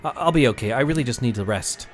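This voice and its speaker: A man's voice: medium pitch, lively intonation, quick pace, lightly acted. A man voicing frail sick Jennifer. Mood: weak. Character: frail sickly young woman, Jennifer.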